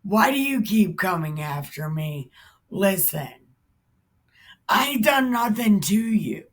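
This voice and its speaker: Woman playing a defiant young hero, blunt street slang, challenging, very slow drawl. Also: mid-range voice, big pitch swings.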